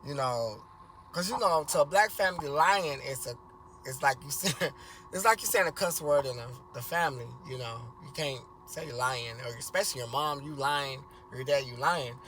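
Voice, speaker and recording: A man's voice: on the high side, normal speed, fairly bright tone, slight background noise. A man casually telling a rambling family story for a vlog, repeating himself and swearing freely.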